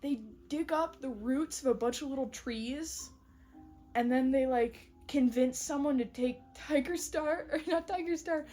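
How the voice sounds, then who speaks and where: A woman in casual podcast chat, recapping a book plot, giggling often and acting out quick character voices. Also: sits high, dark tone, faint music behind. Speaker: podcast co-host.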